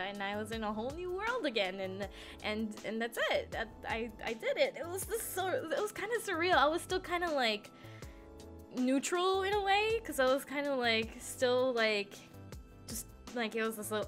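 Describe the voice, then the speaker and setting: Young woman, bright and slightly high voice, giggly rambling vlog storytelling, faint music behind. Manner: giggly, rambling, self-conscious. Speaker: vlogger.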